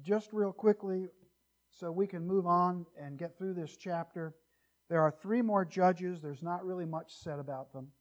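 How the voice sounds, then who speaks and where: This high-pitched male pastor takes his time through an expository sermon at church, animated and full of humorous asides. His loudness rises and falls dramatically, and the recording sounds muffled.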